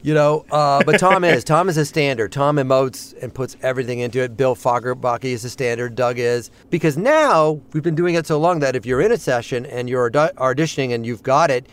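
A middle-aged man, a voice actor, chatting in an interview and breaking into quick character voices as he tells stories. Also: mid-range voice, smooth. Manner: animated, slips into quick character voices mid-story. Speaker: voice actor guest. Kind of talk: casual interview chat.

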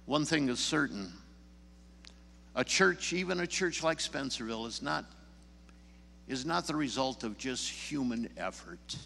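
A man's voice: mid-range voice, animated, measured pace, creaky, long pauses, pushed and bright, big-room sound, a little hiss or hum. A man from the Chicago area preaching a sermon, telling stories and pressing the congregation with emphatic questions. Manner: storytelling, rising emphatic questions. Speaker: pastor. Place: church sanctuary.

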